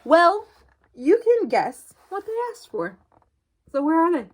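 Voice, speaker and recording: A woman librarian reading a picture book aloud to young children in a virtual storytime. Her voice is high and very animated, and she stops often to ask the children questions. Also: slow, a little hiss or hum.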